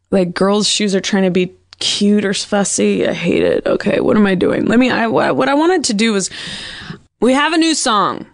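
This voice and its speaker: A woman comedian with a husky voice, hosting her show in a rambling, sardonic, self-deprecating monologue. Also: fairly low pitch, no room sound, studio quality.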